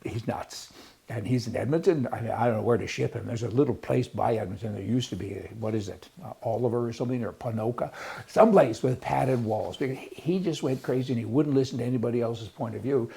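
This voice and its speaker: A man's voice: mid-range voice, fast, gravelly, dark tone, slightly rough. An older man who hosts a rambling, folksy, opinionated commentary show. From Canada. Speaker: host.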